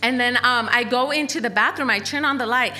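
A young woman with a high, bright voice tells a story in an easygoing talk. She is animated and laughs often, tossing in "like" and "okay?" as she goes. Soft music plays faintly behind her. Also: fairly quick.

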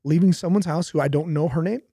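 A man's voice: on the high side, fast talker, creaky, mellow, breathy edge, dry recording, studio quality. A young man, a pastor, talking casually about faith, telling stories animatedly with laughs and repetition.

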